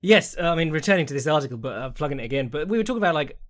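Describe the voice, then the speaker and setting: A man hosting a solo podcast, reading out listener questions and answering in a rambling, chatty way with quick asides. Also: on the high side, animated, a bit bright. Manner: mimics people in quoted voices. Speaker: podcast host.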